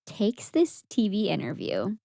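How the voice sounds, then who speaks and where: A woman's voice: mid-range voice, huge pitch swings, measured pace, creaky, warm tone, dry recording, clean studio sound. A young woman co-hosting a podcast, recapping a movie in casual chat, giggling and acting out lines. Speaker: podcast co-host.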